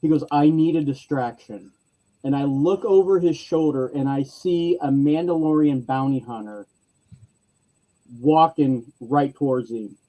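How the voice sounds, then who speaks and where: A man telling a convention story in casual chat, lively, acting out other people's lines in varied voices. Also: on the high side, unhurried, dull audio.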